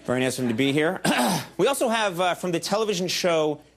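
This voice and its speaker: Animated late-night host doing a monologue. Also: male voice, a little high. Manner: quick, self-mocking, shouty outbursts. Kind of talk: comedy monologue. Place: television studio stage before live audience. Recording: VHS archive broadcast with loud audience.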